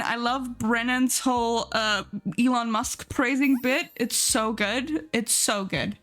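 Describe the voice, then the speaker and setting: Young woman streamer, giggly chatterbox, higher voice, faint music bed. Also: fairly even intonation, measured pace, fairly bright tone. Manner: giggly, chatty, reads chat aloud. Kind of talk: casual live-stream chat.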